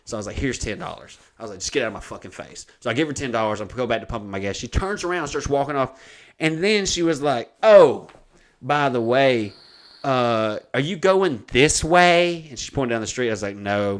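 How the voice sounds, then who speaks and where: A podcast host with a lowish voice speaks fast as he tells a crude, rambling story during casual chat, swearing as he goes.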